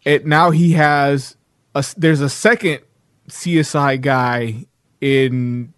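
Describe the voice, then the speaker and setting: A man's voice: mid-range voice, steady tone, takes it slowly, dry recording. Rambling man, dry close podcast voice. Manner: rambling storyteller, explains at length. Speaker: podcast co-host. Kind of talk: casual chat.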